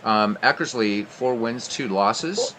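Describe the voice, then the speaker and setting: A man hosting a baseball replay stream, calling the plays and chatting between pitches. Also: animated, takes it slowly, bright, forceful tone, a little hiss or hum. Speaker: play-by-play host. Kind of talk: baseball game replay commentary.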